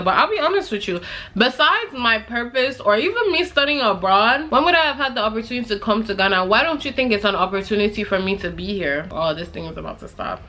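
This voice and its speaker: A young woman from Nigeria casually telling stories as a vlogger, animated, laughing often and acting out what people said. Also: medium pitch. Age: young adult. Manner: animated, laughs often, acts out quoted voices. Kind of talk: casual storytelling chat.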